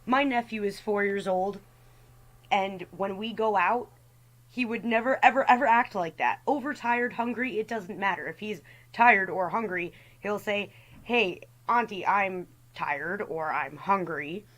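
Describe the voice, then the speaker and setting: A woman's voice: mid-range voice, normal speed, a bit bright, rough recording. A woman hosting a storytime rant as a voice-over, talking in an exasperated way and mimicking the people in her stories. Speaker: storytime host.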